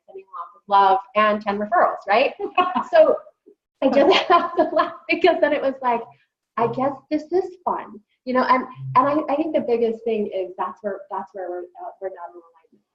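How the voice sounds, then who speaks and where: Chatty woman host, roomy dull sound. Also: on the high side. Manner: chatty storyteller, acts out her own quotes. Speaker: podcast host. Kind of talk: casual chat.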